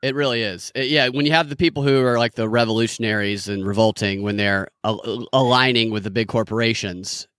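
A man co-hosting a casual political talk podcast, earnest and talkative, with animated jumps in pitch. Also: fairly quick, few pauses, no room sound. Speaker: podcast co-host.

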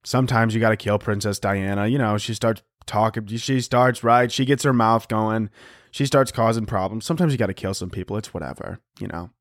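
A young man hosting a podcast, riffing in a profane, rambling comic monologue and often breaking into squeaky impressions. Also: brisk, dry recording, clean studio sound. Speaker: podcast host.

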